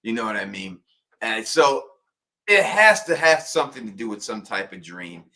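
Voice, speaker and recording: A man co-hosting a casual TV recap podcast, acting out characters in loud, animated bursts. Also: fairly low pitch, moderate pace. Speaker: podcast co-host.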